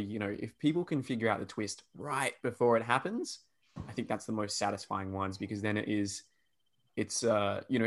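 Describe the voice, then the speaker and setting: A man with a Perth Australian accent hosting a casual podcast chat, easygoing and quick to laugh. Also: on the low side. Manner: easygoing, laughs often, wraps up with summaries. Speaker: podcast host.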